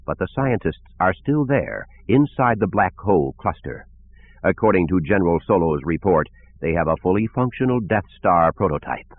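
A combative male politician pressing his point, read by a man in a storybook. Deep, husky voice in tinny lo-fi audio. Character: combative male senator, hawkish.

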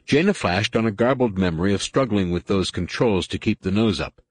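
Husky male audiobook narrator, low voice. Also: expressive, fairly quick, no echo. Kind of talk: scripted narration.

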